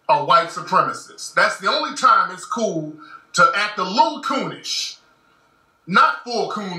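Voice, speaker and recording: A man's voice: sits high, pushed and bright. A man giving a blunt, emphatic, slangy commentary monologue. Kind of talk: casual monologue. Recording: echoey room, far from mic.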